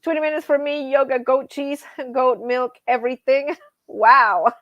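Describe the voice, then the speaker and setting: A woman's voice: sits high, fairly even intonation, measured pace, fairly bright tone, no room sound, dull audio. A middle-aged woman hosting a casual livestream, chatty, laughing often and greeting viewers from the chat. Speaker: livestream host.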